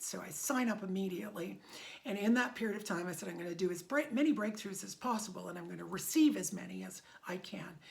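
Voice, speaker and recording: Gravelly-voiced middle-aged woman, heartfelt. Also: mid-range voice. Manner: heartfelt and emotional, voice wavering near tears. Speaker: meditation method instructor. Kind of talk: personal testimony to a community.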